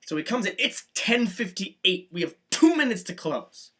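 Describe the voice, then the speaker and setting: A man telling a story in a vlog rant, profane and sarcastic as he goes. His voice sits fairly high and sounds bright and forceful. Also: very animated, brisk, hardly any pauses, slightly rough. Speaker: vlogger.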